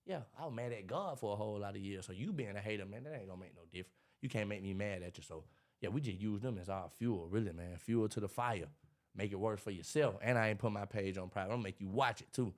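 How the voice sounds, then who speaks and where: A man, talking in a casual interview about his life, animated and preachy, acting out what others say. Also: on the low side, fast. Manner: animated, preachy storytelling with acted-out quotes. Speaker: podcast guest, motivational speaker.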